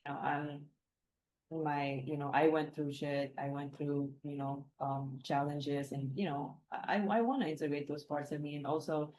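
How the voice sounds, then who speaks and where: A woman's voice: sits low, fairly even intonation, moderate pace, darkish tone. A middle-aged woman, a guest speaking reflectively and rambling, with many fillers and restarts. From Philippines. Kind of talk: reflective casual conversation.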